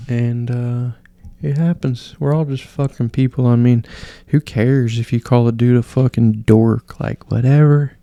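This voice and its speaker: A man's voice: mid-range voice, gravelly, dark tone, no room sound. A man hosting a casual solo podcast, rambling and swearing in an offhand way. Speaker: podcast host.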